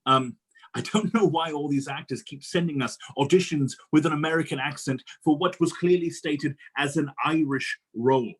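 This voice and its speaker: A man's voice: a little high, normal speed, husky, poor audio. A man in an improv comedy scene playing a hesitant, politely fussy male casting director. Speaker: improv performer.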